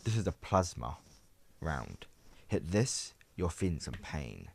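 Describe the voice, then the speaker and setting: A man voicing a confident young male hero in an armor suit, speaking low and calm. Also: slow, gravelly, slight background noise, heavily acted. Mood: threatening.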